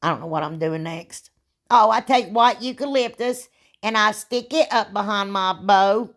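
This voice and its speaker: A woman, hosting a casual craft tutorial, chatty and rambling, with a sore throat that makes her clear it often. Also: medium pitch, moderate pace. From Ohio, United States. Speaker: DIY crafts channel host.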